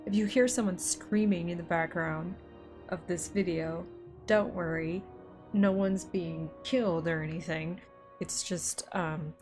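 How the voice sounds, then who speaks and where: A woman's voice: lowish voice, a little mellow. A young woman hosting a let's play from home at a desk mic, chatty and exasperated with her computer. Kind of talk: casual gameplay commentary. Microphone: desk microphone.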